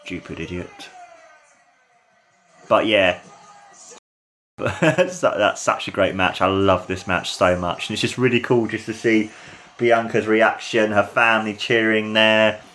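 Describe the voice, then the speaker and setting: A young man gushes through an excited watch-along commentary and review of a wrestling match, full of fillers. His voice sits fairly low and he talks a little slowly.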